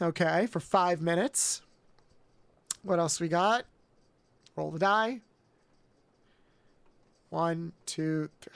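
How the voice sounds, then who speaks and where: A man streaming a video game live, chatting with viewers, excitable and prone to swearing and yelping outbursts. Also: sits high, creaky.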